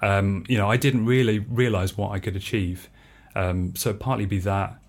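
A man with a fairly low voice tells stories as a podcast guest. He is animated, laughs often, and acts out the people in his anecdotes. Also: moderate pace. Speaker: freelance composer and musician, podcast guest. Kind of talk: casual interview storytelling.

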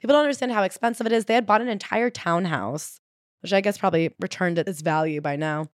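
Animated gossipy woman co-host, dry sound. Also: fairly low pitch, fast, no echo. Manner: gossipy, animated, reads quotes aloud. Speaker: podcast co-host. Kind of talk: casual book-discussion chat.

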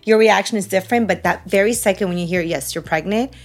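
A woman's voice: mid-range voice, fast, soft background music. A woman hosting a casual interview, chatting and sharing her own experience with sympathetic interjections. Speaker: host.

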